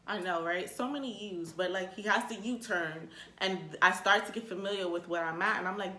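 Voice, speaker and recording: A young woman tells a funny story straight to the camera, animated and quick to swear. Her voice is bright and sharp. The sound echoes around the room. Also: medium pitch. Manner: animated, swearing, exasperated outbursts. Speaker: vlogger. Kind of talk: comedic storytime rant.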